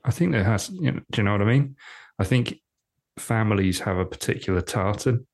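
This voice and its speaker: A man co-hosting a podcast in casual chat, rambling, repeating himself and quick to joke. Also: lowish voice, gravelly. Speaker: podcast co-host.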